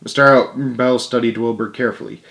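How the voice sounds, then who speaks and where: Man storyteller, relaxed children's-book read-aloud. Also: mid-range voice, fast, vocal fry. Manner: relaxed, with asides.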